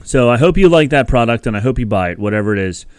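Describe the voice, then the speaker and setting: Rambly podcast host guy, chatty, smooth clean voice, dry close mic. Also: mid-range voice, lively intonation, quick pace, dry recording. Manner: rambling, chatty, laughs often. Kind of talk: casual podcast chat.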